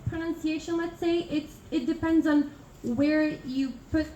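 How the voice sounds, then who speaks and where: A woman's voice: high voice, steady tone, unhurried, warm tone. A young woman from Italy giving a classroom presentation, hesitant and full of fillers and restarts. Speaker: international student presenter. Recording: echoey room from far off, noisy.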